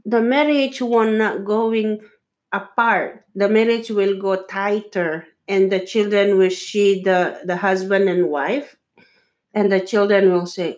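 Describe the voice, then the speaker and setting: Slow, earnest woman giving marriage advice. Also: medium pitch, fairly even intonation, a little mellow. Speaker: podcast co-host. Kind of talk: casual chat with her husband.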